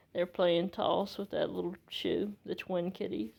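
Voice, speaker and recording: A woman's voice: fairly low pitch, gravelly, mellow. A woman reading a children's book aloud at home to her cats, playfully putting on character voices and sound effects. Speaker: reader.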